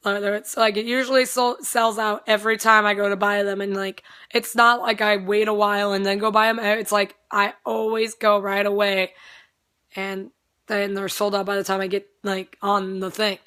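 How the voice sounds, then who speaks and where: A young woman vlogging in a casual, rambling, excitable way, swearing freely as she tells her story. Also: medium pitch, normal speed, smooth. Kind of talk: casual chat.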